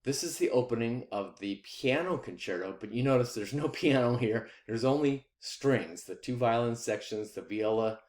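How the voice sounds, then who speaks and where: A man giving a recorded music lesson, explaining rhythm patiently and counting beats out loud. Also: medium pitch, animated, normal speed, few pauses, echoey room. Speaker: music teacher.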